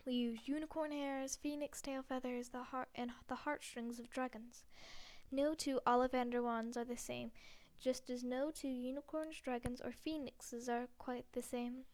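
An eerie elderly wandmaker hovers over his customer in this storybook reading, soft, measured and insistent, voiced by a woman. The voice sits high and stays smooth and clear. Now and then he trips over a word and corrects himself. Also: level tone, close to an everyday voice. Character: eerie elderly male wandmaker, intense and fussy.

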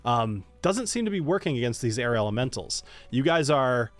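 A man's voice: medium pitch, very animated. A man running a tabletop game as game master, narrating the scene with many fillers. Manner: descriptive, halting, with many fillers.

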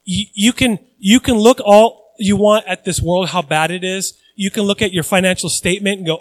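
A man's voice: sits high, moderate pace, rough recording. A male pastor preaching a sermon in a conversational way, repeating phrases for emphasis and acting out the voices of people he quotes.

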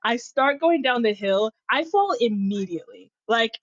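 A young woman from Connecticut, guesting on a podcast, tells a funny childhood story in casual chat, laughing often and animatedly acting out quotes from her younger self. Her voice is on the high side at normal speed, with the highs cut off in the audio.

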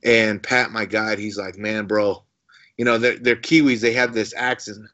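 A man's voice: fairly low pitch, steady tone, moderate pace, pushed and bright. A man as a podcast guest telling a long story casually, rambling, repeating words and chuckling often. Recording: dull lo-fi sound.

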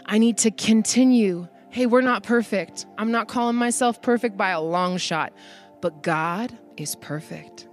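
A woman pastor in her thirties giving an animated sermon, emphatic and excited. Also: mid-range voice, unhurried, faint music behind.

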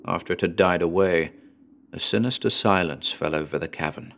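A man giving a measured, dramatic scripted narration of a horror story. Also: deep voice, vocal fry, a bit bright. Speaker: audiobook narrator.

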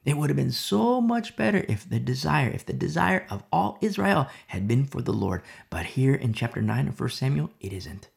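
A man's voice: mid-range voice, big pitch swings, normal speed, creaky, few pauses. A man teaching a Bible study in sermon style, emphatic, who repeats rhetorical questions and sometimes drops to a whisper.

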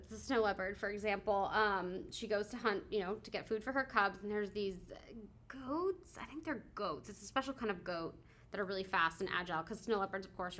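A woman's voice: medium pitch, vocal fry, a bit bright. A woman co-hosting a podcast, chatting casually and telling a rambling story full of laughs and fillers. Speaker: podcast co-host. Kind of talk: casual chat.

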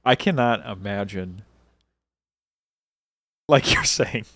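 A man's voice: lowish voice, fairly bright tone, no echo. Man chiming into a dry podcast chat. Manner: chiming in with quick comments. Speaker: podcast co-host. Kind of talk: casual chat.

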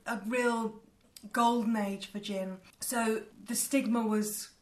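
A woman's voice: on the high side, steady tone, takes it slowly, a little mellow. A woman co-hosting a chatty podcast, explaining history loosely with fillers and restarts. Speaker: podcast co-host. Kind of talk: casual chat.

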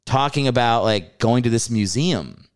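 Host, male, smooth resonant voice, rambling chatty storyteller who laughs as he talks. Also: medium pitch, moderate pace. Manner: rambling, laughs mid-sentence, animated storytelling. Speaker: podcast host. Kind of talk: casual podcast chat.

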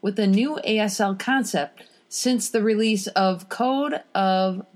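A woman, a guest on a family podcast at home, reading listener letters in a steady, careful way. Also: medium pitch, slow pace.

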